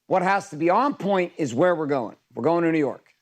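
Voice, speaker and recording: A man's voice: fairly high pitch, animated, normal speed. A man coaching a group in an intense, emphatic motivational talk, swearing freely.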